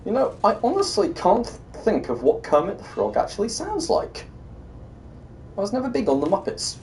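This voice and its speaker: A man's voice: sits high, wildly swooping pitch, moderate pace, darkish tone, far from the mic, a little hiss or hum. A young British man giving casual, sardonic commentary while streaming a game, muttering to himself and breaking into exasperated rants.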